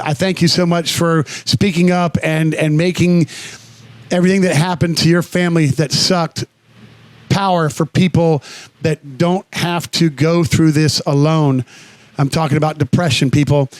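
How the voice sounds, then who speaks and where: A man's voice: a little high, dry recording. A man co-hosting a radio show in casual chat, earnest and rambling, with frequent restarts and the odd blunt swear word. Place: Florida radio studio.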